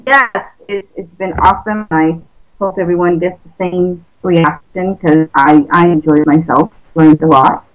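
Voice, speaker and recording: A woman's voice: fairly low pitch, steady tone, a little slow, muffled recording. Effusive woman hosting an interview. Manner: effusive, laughs often. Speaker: interview host. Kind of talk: casual chat.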